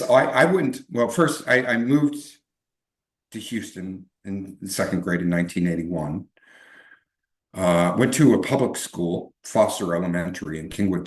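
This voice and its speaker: A middle-aged man telling his own life story as an interview guest, rambling with many restarts and fillers. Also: sits low. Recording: echoey room.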